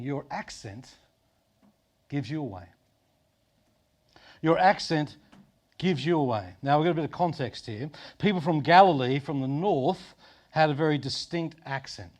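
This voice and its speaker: Preaching conversationally, this middle-aged male pastor from Sydney, Australia, lowers his voice to a soft, low register to emphasize points.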